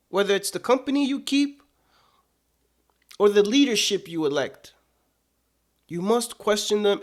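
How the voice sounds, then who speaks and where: High-pitched man giving emphatic commentary. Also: a bit bright. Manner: emphatic, repetitive, indignant. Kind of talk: political commentary.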